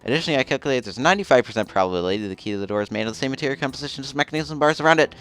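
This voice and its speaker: A man's voice: mid-range voice, lively intonation, fairly bright tone, faint music behind, voice pushed up, lightly acted. A man reading a stiff, formal sword spirit. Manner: stiff, formal, quick and clipped.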